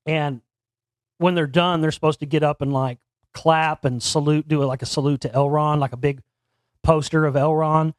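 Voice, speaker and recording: A man hosts his own talk show from a home setup and speaks straight into a desk microphone. His voice sits a bit high. He rambles casually, doubling back and repeating words as he goes, and the sound is dry with no room echo. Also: fairly even intonation, normal speed. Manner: rambling, frequent restarts and stammered repeats. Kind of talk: casual solo commentary. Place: home studio near Dallas.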